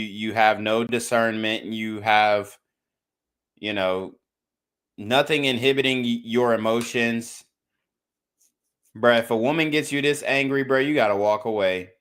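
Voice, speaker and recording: A man's voice: mid-range voice, fairly bright tone, clear, resonant tone. A man hosting a podcast, reacting to clips with blunt, slangy commentary and lecturing his listeners. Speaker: podcast host.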